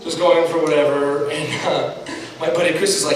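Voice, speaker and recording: A young man doing a stand-up comedy set, chatty and animated, talking straight to the crowd. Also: fairly high pitch, moderate pace. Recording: echoey hall from a distant mic.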